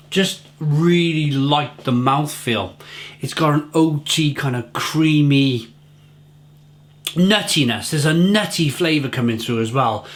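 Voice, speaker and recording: Middle-aged man, beer reviewer, enthusiastic, repeats himself, fairly high-pitched, casual to-camera talk. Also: slight background noise. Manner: enthusiastic, repeats words, restarts often.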